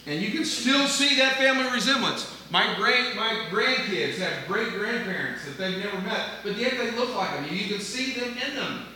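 An older man preaching a sermon, earnest, moving between loud emphasis and quiet asides. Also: sits high, animated, moderate pace, hardly any pauses, a little hiss or hum. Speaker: pastor. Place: church sanctuary. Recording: echoey room, voice from a distance.

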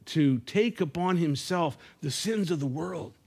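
A man preaching a sermon as pastor, in an earnest style, repeating words as he searches for phrasing and sinking low and soft at the ends of phrases. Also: a little slow, creaky, slightly rough.

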